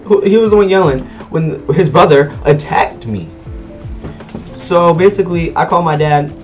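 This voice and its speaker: A man telling a personal story in a casual vlog, animated and slangy, acting out sounds as he goes. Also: on the high side, moderate pace, muffled recording, faint music behind. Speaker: vlogger.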